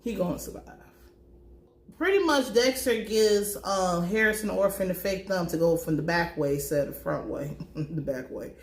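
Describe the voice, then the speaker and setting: A woman giving a casual, blunt and profane recap of a TV episode, telling it in an animated way. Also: lowish voice, moderate pace, roomy sound. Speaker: TV recap commentator.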